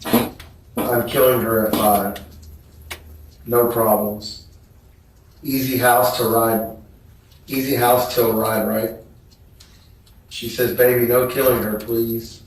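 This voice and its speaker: A man on the witness stand reads messages aloud slowly, his delivery flat and unhurried. He sounds far from the microphone, with heavy courtroom echo around him. A faint hiss sits under the recording. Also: mid-range voice. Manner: slow, flat, measured reading. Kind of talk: courtroom testimony, reading text messages aloud. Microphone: distant courtroom microphone. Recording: echoey courtroom audio from far off with faint noise.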